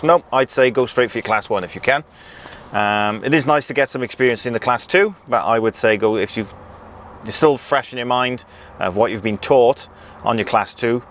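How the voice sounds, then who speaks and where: Recorded on an action camera fitted with a pocket mic, a truck driver vlogger chats from in and around his truck, his mid-range voice at a moderate pace. He reads viewer comments in a relaxed, chatty way, with many ums and restarts, and faint outdoor vehicle noise can be heard.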